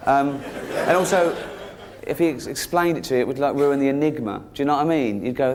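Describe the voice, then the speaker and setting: A man doing a stand-up routine, sardonic and mocking, often jumping up into a high, exasperated pitch. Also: quick pace, crowd noise. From England. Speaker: stand-up comedian. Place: theatre stage with live audience.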